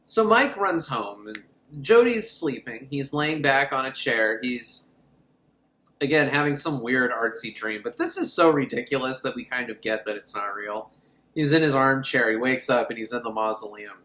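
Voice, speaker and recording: A man's voice: medium pitch, expressive, normal speed, bright, forceful tone, roomy sound. A man recapping a horror film in a sarcastic, rambling, mocking way. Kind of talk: comedic movie recap.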